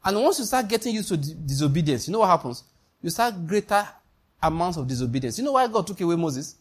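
Husky Nigerian preacher man. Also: high-pitched, very animated, fast talker. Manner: emphatic, repeats key lines, quizzes the listeners. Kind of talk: sermon.

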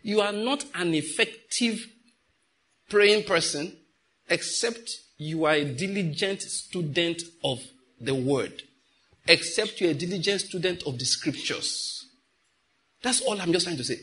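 Middle-aged pastor, slightly raised pitch, conversational sermon with questions to the congregation. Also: male voice, animated, a little slow, sharp tone.

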